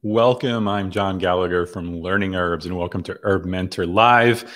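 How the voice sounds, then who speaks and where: Middle-aged male livestream host, low-pitched, loose and rambling, lots of ums, on a video call. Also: normal speed, fairly bright tone. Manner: chatty, rambling, with many fillers and restarts. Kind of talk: casual livestream hosting.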